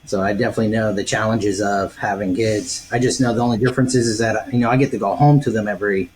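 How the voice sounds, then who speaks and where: A man hosting a podcast, asking rambling questions full of fillers in a relaxed interview. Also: on the low side, quick pace, slight background noise, rough recording. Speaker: podcast host.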